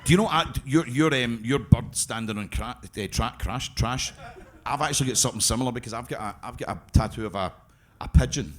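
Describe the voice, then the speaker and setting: A man's voice: medium pitch, brisk. A man with a Glasgow accent tells rambling, sweary stories on a live podcast stage. He laughs through his lines and often restarts them. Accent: Scottish, Glasgow. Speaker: guest storyteller.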